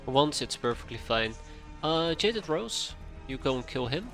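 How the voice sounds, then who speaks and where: A man streaming a strategy game live, chatting casually to himself as he plays, with quick asides. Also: on the high side, sing-song, a bit bright. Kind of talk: casual live gameplay commentary. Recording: faint game music behind.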